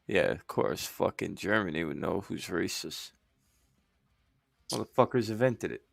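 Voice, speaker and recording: A man's voice: sits low, measured pace, creaky, dry recording. A man co-hosting a podcast in casual chat, telling stories with profanity, acting out what people said and laughing often. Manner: animated, profane, acts out quotes, laughs often. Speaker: podcast co-host.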